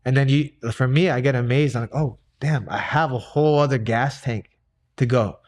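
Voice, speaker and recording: A man's voice: mid-range voice, normal speed, a little mellow. Brief: young male guest, loose chatty storyteller, lots of "like"s and restarts. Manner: rambling, many fillers and restarts. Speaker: guest, grappling coach and personal trainer. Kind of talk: casual conversational storytelling.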